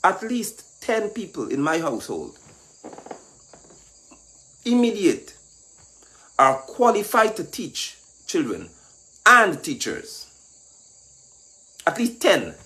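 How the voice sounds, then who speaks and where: Fiery high-pitched man lecturing. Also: huge pitch swings, slow, pauses often. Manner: mocking, lecturing, rising to shouts. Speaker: political commentator. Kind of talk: impassioned political monologue.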